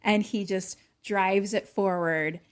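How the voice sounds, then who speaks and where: A woman's voice: mid-range voice, fairly even intonation, slow, background noise. A woman co-hosting a podcast, casually retelling a film's plot in a chatty, profane way with lots of "like". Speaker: podcast co-host. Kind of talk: casual movie recap.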